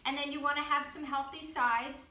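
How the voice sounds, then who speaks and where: A woman from the Boston area hosting a casual cooking demo and giving relaxed healthy-eating advice with frequent ums. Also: sits high, a little fast, roomy sound. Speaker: health program host.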